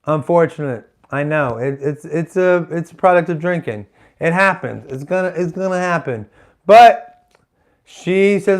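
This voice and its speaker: A man's voice: fairly high pitch, normal speed. A man doing live stand-up comedy, telling a rambling story full of restarts and asides. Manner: rambling, self-interrupting, chatty asides.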